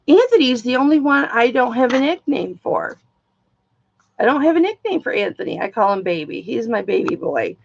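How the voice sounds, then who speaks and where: Chatty excitable woman streaming live. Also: fairly high pitch, moderate pace, creaky, no echo. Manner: chatty, excitable, swears casually. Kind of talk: casual live-stream chat. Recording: dull lo-fi dry sound.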